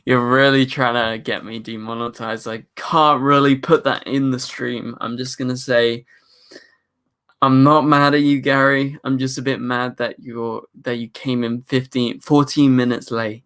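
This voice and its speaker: A man's voice: medium pitch, level tone, moderate pace, hardly any pauses, fairly bright tone, clean tone. A young man hosting a casual live stream, chatting, joking and reading viewer comments aloud.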